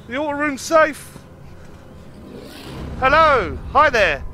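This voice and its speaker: A man's voice: very high-pitched, sing-song, slow, bright, forceful tone, a little hiss or hum. A young man streaming a horror game live, swearing constantly and yelping at every scare. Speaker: gaming streamer.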